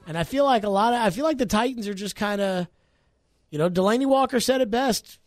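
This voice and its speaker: A man's voice: high voice, brisk, faint music behind. Worked-up sports radio host man. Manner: worked up, argumentative. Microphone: studio mic.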